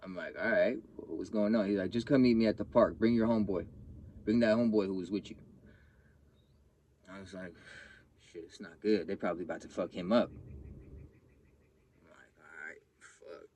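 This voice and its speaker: A man's voice: low voice, moderate pace, long pauses, darkish tone, a little hiss or hum. A young man telling a personal story in casual, profane street slang, acting out the other people's lines. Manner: blunt, profane street slang, acts out quotes with raised voice.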